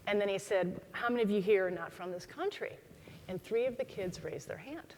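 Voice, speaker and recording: A woman gives a keynote talk, spinning anecdotes and slipping into the voices of the people in them. Her pitch sits in a middle range. Long reverb from a large hall trails after each phrase. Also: brisk, slight background noise. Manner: animated storyteller, acts out quoted voices. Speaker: keynote speaker. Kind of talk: storytelling talk to a live audience.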